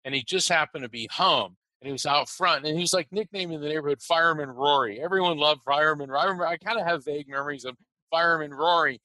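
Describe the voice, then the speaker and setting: Male guest, American-born, very bright and crisp tone, animated storyteller who stumbles and restarts often. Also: fairly high pitch, no room sound, low-quality recording. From United States. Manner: animated, halting with many restarts. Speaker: interview guest. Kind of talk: personal storytelling.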